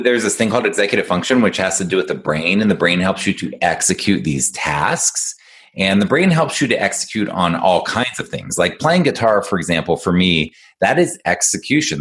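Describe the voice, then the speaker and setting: Man, coach, very low voice, upbeat, explains things plainly to kids. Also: a bit bright. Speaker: executive functioning coach. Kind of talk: casual conversational interview.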